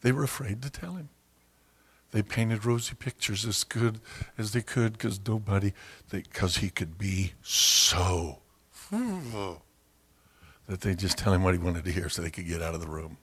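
A man preaching a sermon, telling stories and acting out quoted voices with loud, high outbursts. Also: husky. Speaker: pastor.

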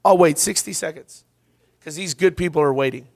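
A man preaching an altar call to a congregation, impassioned and rising to loud, fervent preaching, with a folksy "y'all.". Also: a little high, moderate pace, gravelly. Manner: uses y'all, ain't. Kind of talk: revival altar call sermon. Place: church service with congregation.

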